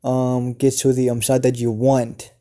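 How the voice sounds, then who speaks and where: A man's voice: medium pitch, monotone, a little slow, mellow, natural voice. A man voicing a stern older brother obsessed with justice and fairness, lecturing in his own everyday voice. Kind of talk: fan story narration.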